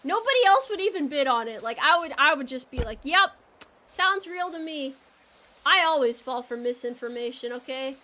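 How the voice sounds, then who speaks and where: A woman's voice: sits high, animated, a little fast, few pauses, sharp tone. A young woman streamer chatting casually with her viewers while she plays, rambling and joking and laughing often.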